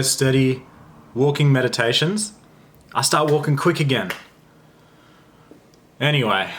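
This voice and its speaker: Chatty Australian man telling a story. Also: mid-range voice. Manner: animated, self-interrupting, chatty. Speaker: holistic lifestyle coach. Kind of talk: casual storytelling to camera.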